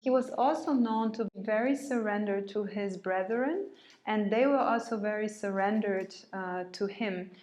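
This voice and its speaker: A woman tells a story in an easy, conversational way, often pausing on fillers and restarting her sentences. Her voice sits in a middle pitch. She is recorded in a room with a noticeable echo. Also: darkish tone. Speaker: yoga teacher. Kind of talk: informal storytelling talk. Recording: echoey room.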